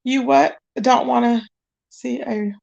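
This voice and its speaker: A woman's voice: on the high side, fairly even intonation, slow pace, creaky, a little mellow, muffled recording. A woman hosting a casual livestream, greeting viewers and chatting while she searches her screen. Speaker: livestream host.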